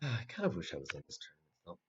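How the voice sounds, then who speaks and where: A man's voice: deep voice, huge pitch swings, very fast, husky. A man casually commentating a replay of his own poker tournament, rambling with lots of fillers and restarts. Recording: dull, slightly muffled recording with faint noise.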